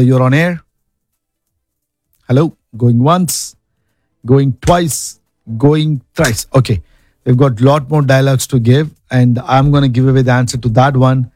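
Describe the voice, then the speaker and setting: A man's voice: on the high side, a little mellow, no echo. An upbeat man hosting a radio call-in show from a studio, speaking in a slightly raised voice. His voice is dry and close, with no room sound around it. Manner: upbeat, repeats the call-in number.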